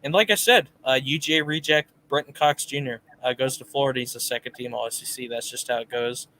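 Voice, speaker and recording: Speaking fast in a steady, medium-pitched voice that sounds pushed and bright, this co-host of a laid-back live sports show chats through viewer comments and offers his picks. A little hiss or hum is present.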